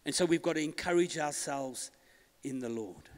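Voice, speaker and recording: A man's voice: fairly high pitch, normal speed, big-room sound. A male pastor preaching a sermon with rising emphasis, calling on the congregation to repeat after him. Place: church hall.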